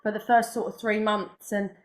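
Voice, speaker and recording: A woman's voice: mid-range voice, flat delivery, moderate pace. A young woman, a podcast guest speaking enthusiastically in casual chat with many fillers. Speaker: guest, massage therapist.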